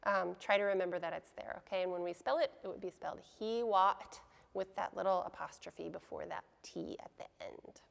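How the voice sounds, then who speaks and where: A woman teaching pronunciation in a patient way, explaining each sound slowly and repeating the words. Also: lowish voice, gravelly, in a large hall. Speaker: language teacher. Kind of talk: pronunciation lesson.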